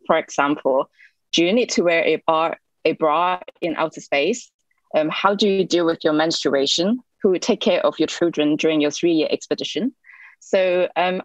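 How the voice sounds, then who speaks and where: Low-voiced woman reading poetry. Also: dry recording, dull audio. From Hong Kong. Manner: measured recital, hesitant "um" fillers when chatting. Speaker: poet. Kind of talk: poetry reading with short spoken introductions.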